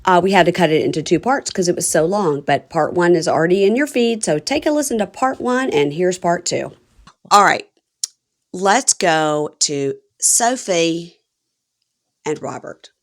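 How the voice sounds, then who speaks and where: A Southern-accented woman hosts a casual podcast, talking through a reality TV episode in a rambling, chatty way. Her voice sits a little low, and she keeps poking fun at herself with quick asides. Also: expressive. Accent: Southern American. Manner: chatty, self-deprecating, quick asides and laughs. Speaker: podcast host. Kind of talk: casual chat recapping reality TV.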